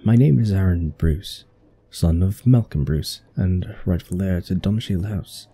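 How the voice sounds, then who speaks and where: A man voicing a scheming young male heir who plots a murder, in a put-on British accent and with a cold, measured delivery. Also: low voice, dark tone, slightly rough, no echo, full character voice. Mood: coldly scheming. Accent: attempted British accent. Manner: cold, measured villain narration.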